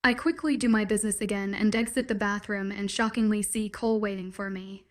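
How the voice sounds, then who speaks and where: A woman's voice: medium pitch, steady tone, a little fast. Woman narrating a first-person story.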